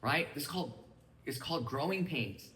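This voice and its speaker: A man giving an energetic motivational training talk to a live group, often checking that his listeners follow him. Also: fairly high pitch, moderate pace. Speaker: business mindset trainer. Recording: echoey room, mic at a distance.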